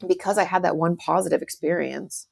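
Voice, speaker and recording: Chatty woman with a gravelly low voice. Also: fairly even intonation, a little fast, darkish tone. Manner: chatty, many "like" fillers, acts out quotes. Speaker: guest, author. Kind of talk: casual podcast conversation.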